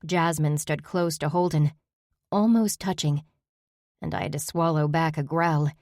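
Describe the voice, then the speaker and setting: A woman reading a first-person story aloud as an audiobook narrator, steady and even. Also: deep voice, unhurried, dry recording, studio quality.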